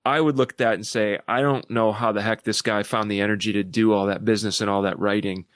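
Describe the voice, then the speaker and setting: Animated man telling stories in a chat. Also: on the low side, quick pace, dry recording, studio quality. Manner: animated storyteller who acts out quotes in lively voices. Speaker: podcast guest. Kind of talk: casual discussion.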